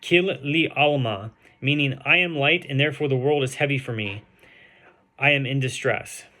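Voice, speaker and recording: A man reading a translated Talmud page aloud and explaining it, slowing down to sound out the Hebrew and Aramaic terms, with frequent ums and uhs. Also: mid-range voice, sharp tone. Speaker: Talmud teacher.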